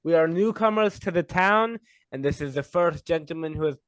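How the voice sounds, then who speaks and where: A courteous adventurer, played by a man speaks in a measured, diplomatic way. The voice is smooth and slightly high. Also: fairly bright tone, dry recording, lightly acted.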